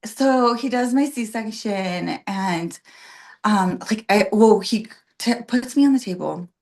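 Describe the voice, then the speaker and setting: A woman's voice: medium pitch, slow, a little mellow. A woman guest on a podcast telling her birth story in casual chat, with many fillers like "like" and "um", acting out what others said. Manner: chatty, full of "like" and "um", acts out quoted voices.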